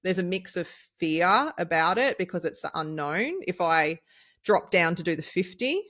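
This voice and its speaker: A woman in her thirties talks on a casual podcast. She rambles and gets excitable, piling up fillers and laughing often. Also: lowish voice, moderate pace. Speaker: podcast co-host, nutritionist. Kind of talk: casual chat.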